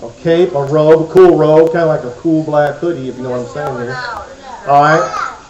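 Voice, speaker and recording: A man with a fairly high voice clowns around for a roomful of kids, chatty and playful. The sound is muffled and echoes around a big church hall. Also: moderate pace, a little mellow. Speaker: children's church presenter. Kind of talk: comic talk to a kids' audience.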